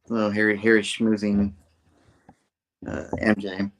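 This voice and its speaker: A man's voice: fairly low pitch, completely flat delivery, slow, a little hiss or hum. A man casually retelling a comic book scene by scene, acting out the characters' lines in loose voices. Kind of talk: casual chat.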